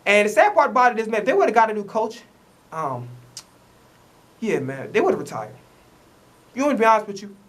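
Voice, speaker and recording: A man's voice: high voice, a bit bright. A frustrated man delivers a sports vlog rant to his own camera. He swears heavily and stays angry and emphatic, tripping over repeated restarts whenever he gets worked up. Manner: angry, profane, emphatic ranting; repetitive restarts when heated. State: upset, frustrated. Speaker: sports commentator vlogger. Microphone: self-recorded camera.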